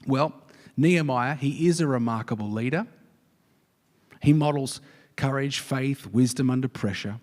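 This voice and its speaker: A man preaching a sermon as a pastor, telling the story with animated swings from hushed whispers to rousing calls. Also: medium pitch, normal speed, long pauses. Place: church hall. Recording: hall reverb.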